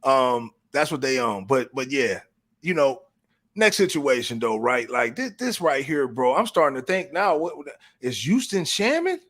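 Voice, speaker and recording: A man's voice: mid-range voice, very animated, normal speed, fairly bright tone. A man hosting a casual talk show, riffing with slang and many stumbling restarts. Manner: loose, repetitive, frequent restarts and slang. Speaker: podcast host.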